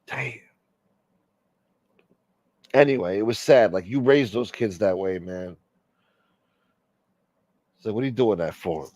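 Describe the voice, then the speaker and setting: A man's voice: lowish voice, measured pace, pauses often, darkish tone, dry recording. A man hosting a casual live-stream chat, rambling, profane and opinionated. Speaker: livestream host.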